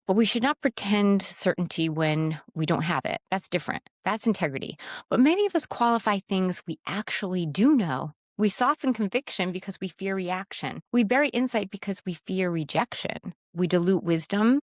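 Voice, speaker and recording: A woman's voice: medium pitch, lively intonation, normal speed, dry recording, clean studio sound. A woman giving a direct, emphatic faith-based talk on speaking with authority, sometimes acting out timid phrasings in a raised voice. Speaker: Christian speaker and coach. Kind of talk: teaching monologue on speaking with authority.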